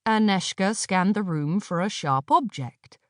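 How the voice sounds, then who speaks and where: Female audiobook narrator, unhurried, expressive, dry close studio read. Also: mid-range voice, no room sound. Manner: measured, expressive storytelling.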